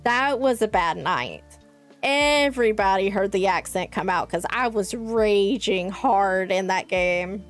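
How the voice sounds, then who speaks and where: A young woman from South Carolina, with a Southern accent, chats in a rambling way with her live stream chat, saying "like" a lot. Her voice is medium-pitched and a little slow, with faint music behind her.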